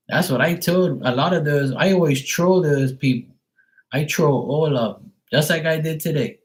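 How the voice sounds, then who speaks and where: A man's voice: on the high side, normal speed. A man who reads tarot, ranting casually and bluntly on a live stream, swearing freely. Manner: profane, exasperated, blunt. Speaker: tarot reader.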